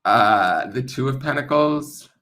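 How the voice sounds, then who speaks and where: A tarot reader casually unboxing a deck on a livestream, joking and teasing as he flips cards. His voice is bright and very lively, jumping all over in pitch. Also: takes it slowly. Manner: playful, joking, animated. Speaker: tarot reader and channel host.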